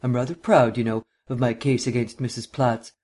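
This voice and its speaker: A man voicing a languid, witty gentleman detective who speaks in an unemotional drawl. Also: medium pitch, fairly even intonation, moderate pace, natural voice. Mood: airy, mocking. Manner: unemotional drawl, airy and mocking.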